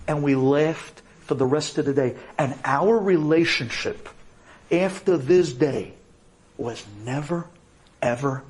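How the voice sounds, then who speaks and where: A rabbi giving a dramatic personal storytelling talk, swinging from loud to quiet for emphasis. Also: male voice, a little high, a little hiss or hum.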